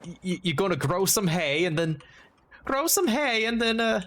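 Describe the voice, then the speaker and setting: A man's voice: sits high, lively intonation, moderate pace, a bit bright, voice pushed up. A man voicing a scoffing, snobbish old-time person who mocks others in an incredulous tone. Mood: mocking. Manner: mocking, incredulous.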